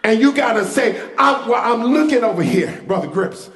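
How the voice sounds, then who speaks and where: A male pastor preaching a sermon, leading the congregation in call-and-response and building to shouts. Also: very high-pitched, big pitch swings, moderate pace. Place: church sanctuary. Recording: echoey church hall with music.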